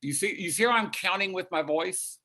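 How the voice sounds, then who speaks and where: A man with a high speaking voice leads a virtual master class over a video call, encouraging and demonstrative. He breaks into short sung and spoken example phrases as he coaches. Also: a little fast, pushed and bright, soft background music. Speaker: vocal coach and pianist.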